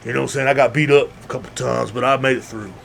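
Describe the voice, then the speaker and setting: Racing along in a gravelly, medium-pitched voice, a young podcast host rambles through a casual monologue over slight background noise. He's animated, acting out everyone he quotes.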